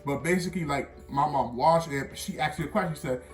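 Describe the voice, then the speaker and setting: A man's voice: a little high, fast talker. A young man, a storytime vlogger, telling a personal story in a rambling way, full of fillers and slang. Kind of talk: casual storytelling. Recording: echoey room, mic at a distance, faint music.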